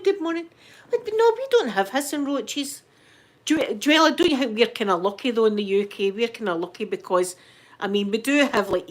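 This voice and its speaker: A middle-aged Scottish woman hosting a live stream, chatting casually and greeting viewers by name. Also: fairly high pitch. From Scotland. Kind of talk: casual chat.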